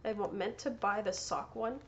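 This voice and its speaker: A woman's voice: mid-range voice, moderate pace, a little hiss or hum. Chatty woman showing off her knitting. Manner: chatty, self-correcting, laughs easily. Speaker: knitting podcast host. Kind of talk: casual show-and-tell chat.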